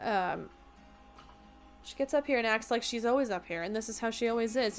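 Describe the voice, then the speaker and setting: A woman's voice: a little high, expressive, a little fast, long pauses, soft background music. Tired, joking woman streamer. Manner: rambling, joking and self-mocking. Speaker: game streamer. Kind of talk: casual live-stream chat.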